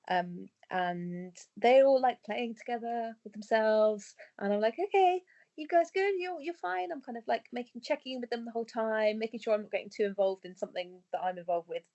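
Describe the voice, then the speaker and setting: A woman's voice: mid-range voice, steady tone, moderate pace, mellow, highs cut off. A woman co-hosting a podcast in casual chat, talking in a chatty, self-mocking way and laughing often. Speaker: podcast co-host.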